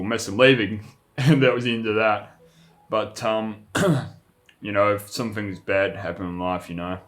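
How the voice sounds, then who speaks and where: A man's voice: on the low side, fairly bright tone. A young man, rambling through a profane, casual vlog monologue full of restarts. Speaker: vlogger.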